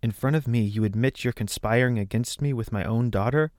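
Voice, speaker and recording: A man's voice: medium pitch, brisk, darkish tone, no room sound, clean studio sound, lightly acted. A man reading the part of a proud, domineering queen who speaks in a cold, commanding way.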